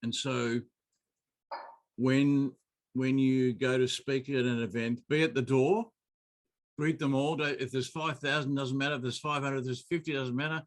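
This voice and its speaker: A male host speaks in a casual, measured chat. His pitch sits mid-range and stays very level, with little rise or fall. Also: fairly even intonation.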